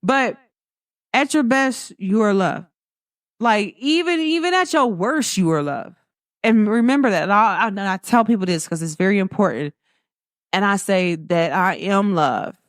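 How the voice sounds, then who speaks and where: Lively young woman with a dry close sound. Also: mid-range voice, normal speed, no echo. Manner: animated storytelling, acts out quoted voices, laughs often. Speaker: host. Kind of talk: casual spiritual pep talk.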